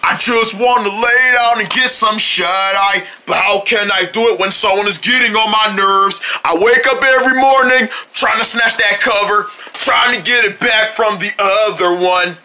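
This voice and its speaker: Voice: mid-range voice, fairly even intonation, normal speed, hardly any pauses, sharp tone, slight background noise. A voice actor doing a grumpy, sleepy cartoon kid. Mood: whiny singing. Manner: grumbling, exasperated, sings a whiny complaint. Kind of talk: cartoon voice acting.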